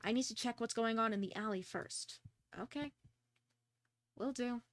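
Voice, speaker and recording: A woman's voice: a little high, normal speed, no echo. A young woman streaming a detective game, chatting casually, second-guessing herself aloud, and reading the dialogue. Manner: chatty, self-deprecating, talks through her choices.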